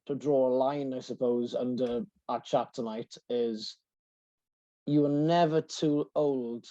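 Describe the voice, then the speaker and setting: A man's voice: mid-range voice, steady tone, takes it slowly, dark tone. A male podcast host speaking earnestly and steadily as he wraps up an interview. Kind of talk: interview wrap-up. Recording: dull, dry lo-fi sound.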